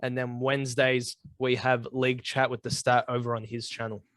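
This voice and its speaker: Dry-sounding, matey host. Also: male voice, mid-range voice, little pitch movement, moderate pace, fairly bright tone, no room sound. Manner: easygoing, matey, promo-style sign-offs. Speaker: podcast host. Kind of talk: casual podcast chat. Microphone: video call.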